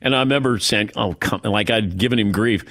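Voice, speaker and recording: A man's voice: fairly low pitch, brisk. A male radio show host telling a story in casual chat, acting out the quotes as he goes. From Irish heritage. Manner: animated storyteller, acts out quotes.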